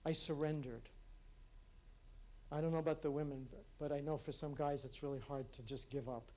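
A man with a fairly high voice giving a personal, reflective talk before a conference audience. He speaks earnestly and haltingly, often restarting his sentences. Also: fairly even intonation, warm tone. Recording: live talk in a hall.

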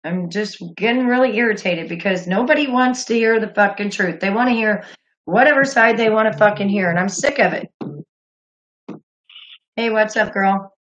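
A woman's voice: mid-range voice, moderate pace, highs cut off. A woman hosting a call-in livestream, talking bluntly with angry outbursts and lots of swearing. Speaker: livestream host taking calls.

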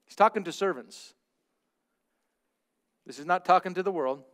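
A man preaching a sermon as pastor, speaking earnestly and directly to the congregation, swinging from loud emphatic bursts to hushed asides. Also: high voice, moderate pace.

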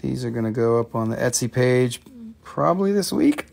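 A man's voice: medium pitch, expressive, normal speed, creaky, darkish tone. A man hosting a casual live stream that sells stones, joking and chatting back to viewers in a loose way and swearing now and then. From United States, Appalachian region. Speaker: host of a live shop stream selling minerals. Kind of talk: casual live-stream sales chat, reading chat comments.

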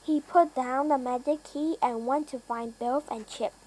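Slow, careful woman reading a storybook. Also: high-pitched, darkish tone, low-quality recording. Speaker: reader.

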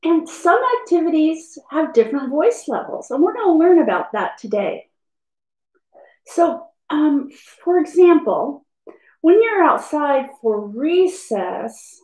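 Sing-song woman teacher, talking slowly to children. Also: high voice, big pitch swings, a little mellow, reverberant, poor audio. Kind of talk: children's lesson video.

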